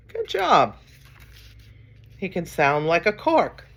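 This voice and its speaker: A woman's voice: fairly low pitch, wildly swooping pitch, slow pace, a bit bright, husky, muffled recording. A woman reading a picture book aloud for story time, playfully acting out the noises and coaxing children to join in. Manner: playful, acts out animal and sound noises, coaxes listeners to join in.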